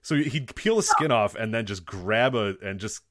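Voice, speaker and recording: A man co-hosting a podcast, bantering quickly and laughing often. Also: fairly low pitch, lively intonation, fairly bright tone, no room sound, clean studio sound. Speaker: podcast co-host. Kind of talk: casual podcast chat.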